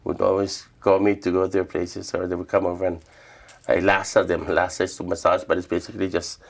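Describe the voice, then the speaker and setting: An older man from Guam, telling stories of his past in a relaxed, reflective interview. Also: low-pitched, brisk, gravelly. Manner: relaxed, reflective storytelling with quoted dialogue. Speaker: interviewee, traditional healer. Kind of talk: casual storytelling interview.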